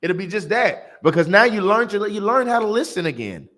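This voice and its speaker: A man's voice: high voice, sing-song, fairly quick, a bit bright. A man teaching a religious class in a blunt, emphatic, preachy way, repeating lines for effect.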